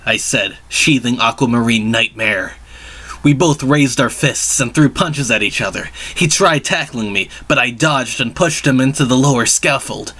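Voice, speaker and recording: A man's voice: medium pitch, moderate pace, bright, forceful tone. A man narrating a first-person fanfiction story in an earnest, dramatic reading style.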